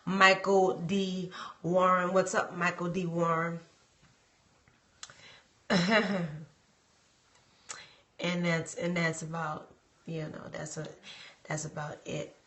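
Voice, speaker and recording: A woman's voice: fairly low pitch, little pitch movement, slow pace, long pauses, reverberant. A woman talking casually on a live stream, rambling and addressing her viewers. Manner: dramatic mock wailing, shouting and fake crying; loose, rambling, talks to viewers.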